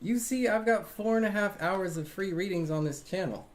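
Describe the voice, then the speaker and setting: A tarot reader hosting a live stream talks casually and earnestly to viewers in a mid-range voice at a moderate pace. Defensive and emphatic, she repeats phrases and keeps tagging lines with fillers like "right?" and "man".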